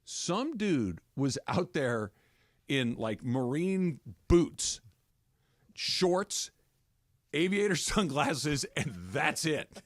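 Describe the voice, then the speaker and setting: A man hosting sports radio who talks in a lively, swooping voice, laughing as he tells stories. His voice sits a little higher than most men's. The studio sound is dry and close. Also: no echo. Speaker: radio sports show host. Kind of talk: casual sports radio banter.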